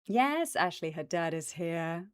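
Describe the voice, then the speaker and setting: Chatty woman streamer, lower voice. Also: sing-song, slow pace, clear, resonant tone, dry recording, studio quality. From British and American. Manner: chatty, enthusiastic, lots of ums and asides to chat. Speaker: voice actress hosting a plant stream. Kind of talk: casual livestream chat. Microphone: desk microphone in front of her.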